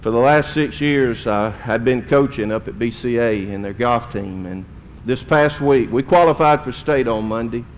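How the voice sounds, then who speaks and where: A man's voice: mid-range voice, normal speed, few pauses, slight background noise. Folksy middle-aged preacher man. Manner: folksy, emotional storytelling with drawled Southern phrases. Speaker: pastor. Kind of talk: sermon storytelling.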